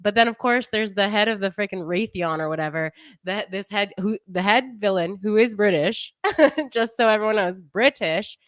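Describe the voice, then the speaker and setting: A young adult woman co-hosting a podcast in casual chat, animated and often laughing, mock-exasperated as she rants. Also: medium pitch, moderate pace, no echo, studio quality. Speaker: podcast co-host.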